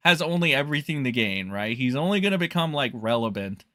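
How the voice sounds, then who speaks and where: A man's voice: mid-range voice, big pitch swings, quick pace, a bit bright, dry recording, studio quality. A man ranting in a casual commentary, profane, scornful and rambling.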